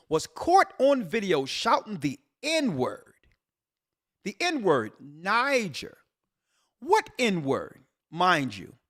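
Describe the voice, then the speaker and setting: A man, a church elder and show host, commenting on a news article with an animated preaching delivery, rhetorical questions and repeated emphasis. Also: high voice.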